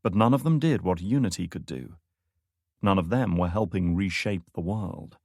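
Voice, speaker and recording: A man narrates a thriller audiobook in a measured, steady way. His voice sits low. The recording is close and dry. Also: no echo. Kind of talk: scripted narration.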